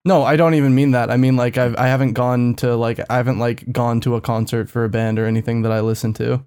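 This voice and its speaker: A man's voice: mid-range voice, flat delivery, quick pace, darkish tone, smooth. A young man co-hosting a casual chat, teasing with dry quips. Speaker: podcast co-host.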